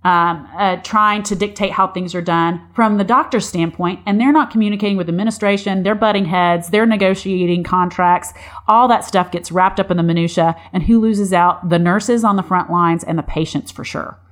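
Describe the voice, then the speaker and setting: A woman's voice: lowish voice, fairly even intonation, moderate pace. A middle-aged woman, a nurse, talking passionately and with some frustration in a casual chat, often restarting her sentences.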